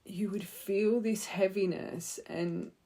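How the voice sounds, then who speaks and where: A woman's voice: medium pitch, steady tone, slow pace, dark tone. A woman giving an earnest, heartfelt tarot reading, speaking straight to the viewer and rambling with fillers. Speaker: tarot reader. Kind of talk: intuitive tarot reading to camera.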